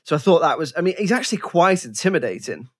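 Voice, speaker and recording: A man's voice: fairly high pitch, big pitch swings, fast talker, fairly bright tone. A man co-hosting a casual film podcast, thinking aloud with frequent restarts and fillers. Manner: thoughtful, many restarts and fillers.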